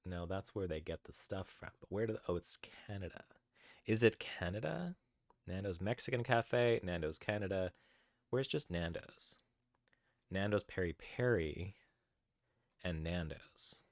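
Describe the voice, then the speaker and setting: This man has a low voice, recorded at studio quality with no room sound. He streams live while coding, chatting casually with viewers, greeting chatters by name and getting easily sidetracked. He's chatty and thinks aloud as he searches.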